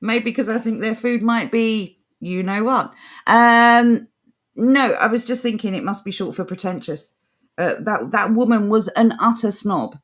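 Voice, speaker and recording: A woman's voice: a little high, a little slow. Blunt, scornful woman podcast co-host. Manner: blunt, scornful, laughs often. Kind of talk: casual opinionated chat, reading an article aloud.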